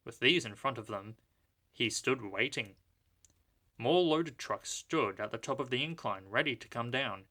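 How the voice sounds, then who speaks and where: A man reading a children's storybook aloud, narrating in a lively, expressive way. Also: mid-range voice, measured pace.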